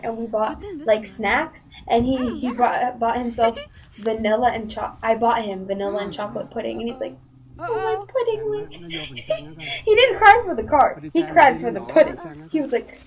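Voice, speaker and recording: A woman's voice: on the high side, moderate pace, crowd noise, poor audio. A woman casually telling a story on a live stream, rambling with lots of "like" and restarts.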